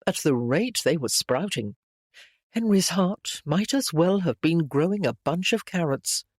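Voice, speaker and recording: A narrator reading a period romance novel aloud in a measured, gentle storytelling manner. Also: mid-range voice, expressive, dry recording, clean studio sound.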